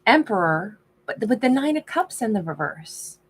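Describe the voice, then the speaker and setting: A woman's voice: on the high side, very animated, moderate pace, slightly rough. A woman giving a casual tarot reading, thinking aloud as she turns over each card. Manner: musing, thinks aloud while reading cards. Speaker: tarot reader.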